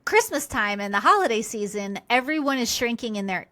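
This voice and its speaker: A woman guest on a podcast, talking candidly and quickly in a casual conversation, with self-deprecating asides and digressions. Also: fairly high pitch, big pitch swings, pushed and bright.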